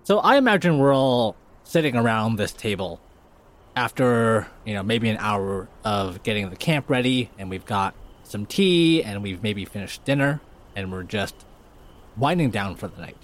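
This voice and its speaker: A man's voice: on the low side, expressive, normal speed. A man playing a tabletop game, chatting loosely and filling his talk with "like". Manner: rambling, lots of "like". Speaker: player. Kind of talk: casual chat in a tabletop game.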